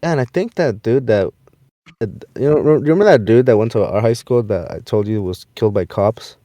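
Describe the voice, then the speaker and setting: Young man, mellow dark tone, dry close sound, animated casual storytelling. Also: on the low side, a little fast, no echo. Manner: animated storyteller, acts out quoted people. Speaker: podcast host. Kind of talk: casual chat.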